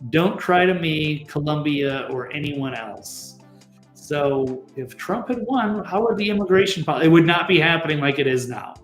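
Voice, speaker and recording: This is a man with a slightly high voice, a guest on a political chat show. He talks bluntly, swears casually and sounds fed up with the people he is criticizing. His voice bounces around an echoey room, with faint music behind him. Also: animated, moderate pace. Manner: blunt, profane and exasperated.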